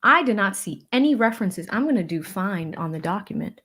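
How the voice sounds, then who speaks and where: A woman's voice: mid-range voice, animated, a little fast, slightly rough. Chatty woman livestream host. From Boston area, USA. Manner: chatty and effusive, with many thank-yous and shout-outs. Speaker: livestream host of a legal commentary channel. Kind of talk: casual livestream chat, reading viewer donations.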